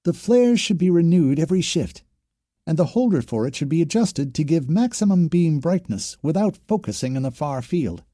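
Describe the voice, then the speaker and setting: Man voicing a female alien signaler, high and formal, drill-recital manner, storybook. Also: big pitch swings, moderate pace, warm tone, dry recording, clean studio sound. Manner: formal, parroting training drill.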